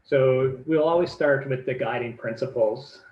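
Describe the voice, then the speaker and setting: A man's voice: medium pitch, measured pace, reverberant, muffled recording. A man giving an informal presentation, loose in delivery, with many fillers and repeated words.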